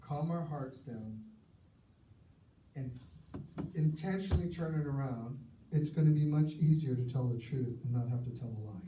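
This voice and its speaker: A man's voice: normal speed, pauses often, dark tone. Man preaching in an echoey church hall. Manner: earnest and conversational, drops his voice low for emphasis. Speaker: pastor. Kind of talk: sermon. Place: church sanctuary. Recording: echoey church hall, mic at a distance, faint hiss.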